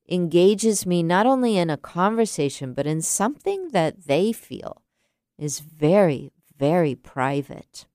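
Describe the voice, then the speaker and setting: A woman in her late fifties, a teacher, telling a reflective personal story in a soft, unhurried way. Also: lowish voice, clear, resonant tone, dry recording, studio quality. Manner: slow, soft-spoken and unhurried.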